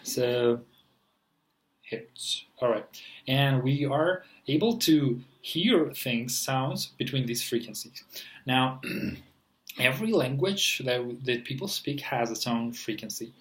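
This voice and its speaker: A man's voice: medium pitch, expressive, slow pace, a bit bright, poor audio. A man teaching in a casual, rambling lesson, with many fillers and restarts. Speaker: language teacher.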